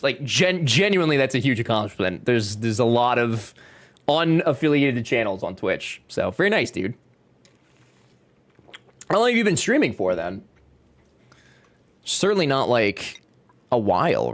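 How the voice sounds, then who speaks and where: A man's voice: medium pitch, a bit bright. A young man chatting casually while streaming a game, joking and reading chat aloud. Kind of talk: casual gameplay livestream chat.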